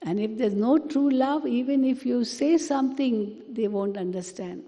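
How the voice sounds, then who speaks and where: A woman giving a spiritual class, speaking gently and repeating words for emphasis. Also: fairly high pitch, normal speed. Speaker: spiritual teacher. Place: meditation hall. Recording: long hall reverb.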